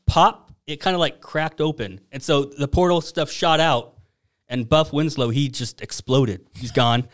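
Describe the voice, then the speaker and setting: A young man recounts a wild dream in a loose, animated ramble, laughing along as he goes. His voice sits slightly high for a man, and he leans on fillers and restarts. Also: measured pace. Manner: animated, giggly, trailing fillers. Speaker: podcast co-host. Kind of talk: casual storytelling.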